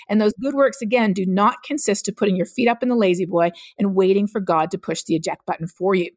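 A woman's voice: medium pitch, quick pace, hardly any pauses, no room sound. Middle-aged woman guest, earnest explainer, dry close sound. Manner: earnest, explanatory, laughs easily. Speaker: climate scientist guest. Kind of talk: podcast interview.

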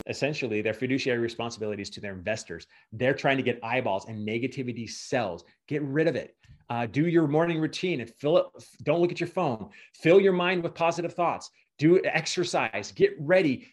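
Earnest motivational man, slightly high voice. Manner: earnest, emotional, preachy. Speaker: guest speaker. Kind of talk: motivational talk.

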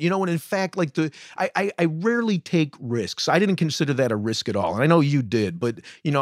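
A man's voice: medium pitch, no room sound, clean studio sound. A man co-hosting a podcast, telling a road story in a casual, self-deprecating way with many restarts. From United States. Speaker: podcast co-host.

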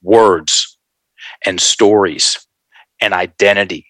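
A man telling a story in an animated, folksy way, calling his listeners folks. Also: low voice, slow pace, no room sound, low-quality recording. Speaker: guest.

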